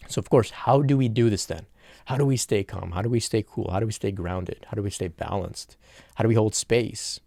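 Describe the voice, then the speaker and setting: A man giving a calm, reassuring spiritual talk, repeating "of course" and checking in with "okay?". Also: on the low side, creaky, no echo, studio quality. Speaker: spiritual teacher. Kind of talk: solo spiritual talk to camera.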